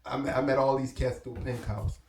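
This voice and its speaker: A man's voice: mid-range voice, little pitch movement, brisk, a little mellow, reverberant, slight background noise. A middle-aged man with a Belizean-Caribbean accent telling stories in casual street slang, and acting out the people he quotes. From Belize and New York. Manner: laid-back street slang, acts out quoted dialogue. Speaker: guest. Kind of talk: casual storytelling.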